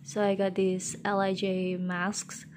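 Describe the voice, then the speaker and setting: A young woman chatting casually through an unboxing vlog, very expressive and giggly, squealing with excitement. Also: medium pitch, slow, slight background noise. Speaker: vlogger unboxing wrestling merchandise.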